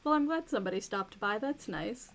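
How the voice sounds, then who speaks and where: A woman chatting quickly and playfully to her stream chat while she plays a cozy innkeeping game. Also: mid-range voice, animated, creaky.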